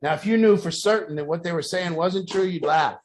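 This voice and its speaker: A man's voice: fairly high pitch, brisk. A man speaking bluntly to a group, mixing tough advice with stories. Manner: blunt, profane, storytelling with acted quotes. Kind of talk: blunt motivational talk to a group.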